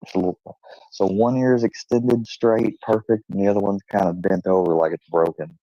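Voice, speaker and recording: A man streaming from home, telling an animated story casually and swearing freely, and cooing at his dog. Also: fairly quick, no room sound, muffled recording. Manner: animated, swearing, high-pitched when imitating animals; coos at his dog in a high sing-song.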